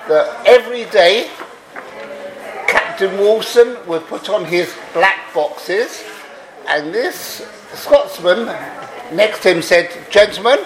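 A man telling a story to a gathering, animated and drawn out, laughing now and then. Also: high-pitched, echoey room, poor audio. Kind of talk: storytelling talk.

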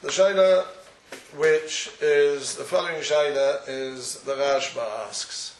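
A man lectures on a Talmudic topic in a questioning, back-and-forth cadence. His voice sits somewhat high. He is heard from a distance in a roomy, echoing space. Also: fairly even intonation, slow pace. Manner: questioning, argumentative study-hall cadence. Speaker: Torah teacher. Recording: echoey room, far from the mic.

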